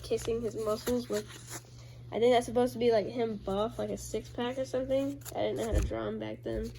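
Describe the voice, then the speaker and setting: A woman's voice: a little high, a little mellow, a little hiss or hum. A woman casually showing her own comic drawings, rambling with many fillers and unsure asides. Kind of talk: casual show-and-tell narration.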